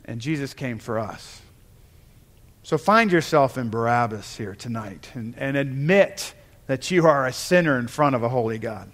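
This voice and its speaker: Guy preaching in church, pretty high voice, long echo trailing off, earnest and emphatic. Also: fairly bright tone. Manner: earnest preaching with pauses and restarts, rising to emphatic calls. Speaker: pastor. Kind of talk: sermon. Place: church sanctuary.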